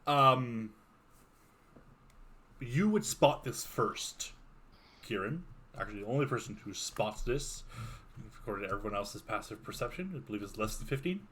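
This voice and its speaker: A man narrating a tabletop game as game master, relaxed and hesitant, with many pauses and fillers. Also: lowish voice, breathy edge.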